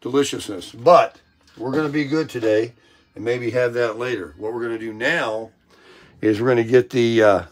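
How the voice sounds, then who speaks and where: Chatty older man, slightly hoarse. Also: medium pitch, steady tone, normal speed, poor audio. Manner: upbeat, chatty, self-amused. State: voice a bit hoarse, clearing throat. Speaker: vlog host. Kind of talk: casual chat while cooking. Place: camper kitchen. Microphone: phone on a selfie stick. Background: bacon frying.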